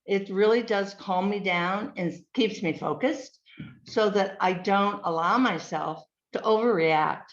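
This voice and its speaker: Woman presenter with a dull lo-fi sound. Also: mid-range voice. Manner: measured, listing words with frequent ums. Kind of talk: slide presentation talk. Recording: dull lo-fi recording.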